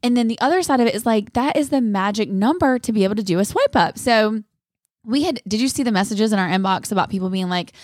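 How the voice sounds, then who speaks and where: A woman in her thirties co-hosting a podcast, chatty, animated and jokey, sipping wine as she talks. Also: medium pitch, quick pace, dry recording, studio quality. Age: 30s. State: drinking wine. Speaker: podcast co-host. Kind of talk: casual chat.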